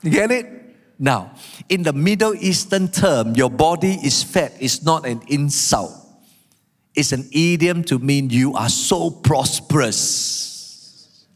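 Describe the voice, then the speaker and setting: A man preaching a sermon, animated, acting out the quotes he tells. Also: on the high side, slow pace. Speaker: pastor. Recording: long hall reverb.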